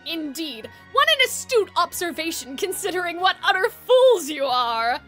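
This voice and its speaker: A woman's voice: very high voice, sing-song, moderate pace, bright, forceful tone, faint music behind, full character voice. A woman voicing a sinister, haughty young male villain who speaks in a theatrical, sneering way. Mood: scornful villainous.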